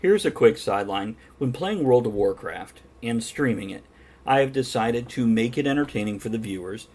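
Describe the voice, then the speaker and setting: A man's voice: mid-range voice, lively intonation, moderate pace, darkish tone. A man hosting a casual pub-style chat show, joking crudely and laughing often. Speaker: podcast host.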